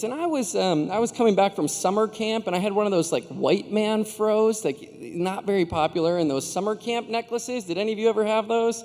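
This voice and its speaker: A man's voice: high-pitched, a little fast, few pauses, darkish tone. A man in his thirties giving a commencement speech, telling stories and joking with the audience in a self-deprecating way. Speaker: commencement speaker. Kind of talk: storytelling speech to graduates. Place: large arena venue. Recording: hall reverb from a large arena.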